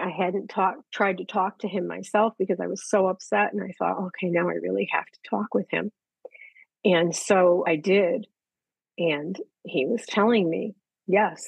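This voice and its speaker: Older woman, husky voice, dry close sound, animated storyteller, casual chat. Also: medium pitch, no echo, muffled recording. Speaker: animal communicator guest.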